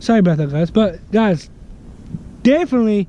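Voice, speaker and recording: A man talking casually to camera outdoors in the snow, halting and repeating words as he restarts his sentences. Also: high-pitched, dark tone, a little hiss or hum. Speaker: vlogger. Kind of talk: casual vlog talk to camera. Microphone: action camera held by the speaker. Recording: dull lo-fi action camera audio.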